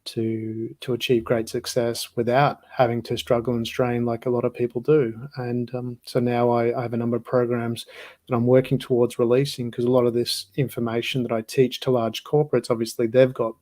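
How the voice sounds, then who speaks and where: A man's voice: medium pitch, little pitch movement, brisk, darkish tone, dry recording. A middle-aged Australian man, a guest on a podcast interview, talking in a chatty, self-promoting way with lots of fillers. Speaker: guest, business consultant.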